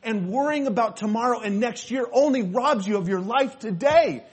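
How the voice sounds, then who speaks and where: Husky-voiced man preaching a sermon. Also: very high-pitched, normal speed. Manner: earnest preaching, repeats phrases, quotes scripture. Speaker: pastor.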